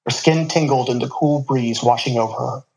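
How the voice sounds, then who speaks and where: A man's voice: medium pitch, moderate pace, a little mellow, low-quality recording. A man reading a story aloud, now and then stopping for casual asides to the listener. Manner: casual asides between passages.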